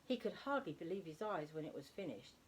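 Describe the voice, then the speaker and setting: Woman narrator, children's story, animated, husky. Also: lowish voice. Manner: expressive, slowing for emphasis. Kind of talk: reading a children's story aloud.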